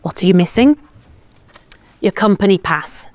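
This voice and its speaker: A female co-host speaking in a mock-formal, deadpan office tone during a comedic interview bit. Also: medium pitch, measured pace, no echo.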